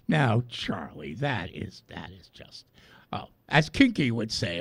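A man's voice: on the low side, big pitch swings, slow, vocal fry, long pauses, a little hiss or hum. A man co-hosting a comedic radio show, reading out listener questions with mock outrage and frequent laughter.

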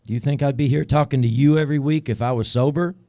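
Mellow-voiced man trading deadpan radio jokes. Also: medium pitch, quick pace, dry recording. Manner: deadpan one-liners, self-mocking jokes. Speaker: radio show co-host. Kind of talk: comedic radio banter.

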